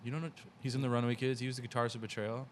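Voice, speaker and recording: A man talking as a podcast guest in a rambling, relaxed way, swearing now and then. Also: medium pitch, racing, a little hiss or hum. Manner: rambling, loose, swears casually. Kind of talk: casual chat.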